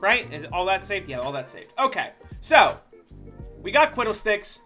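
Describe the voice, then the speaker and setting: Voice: mid-range voice, big pitch swings, normal speed, pushed and bright, faint music behind. A game streamer chatting casually with viewers while playing, joking and swearing freely. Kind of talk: casual gameplay commentary.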